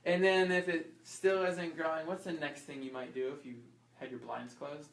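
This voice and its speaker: A chiropractor teaching an informal health class, quizzing the audience and acting out small scenes. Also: male voice, a little high, normal speed, creaky. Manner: lively, asks the audience questions and acts out little scenes. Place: class room. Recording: echoey room, voice from far off.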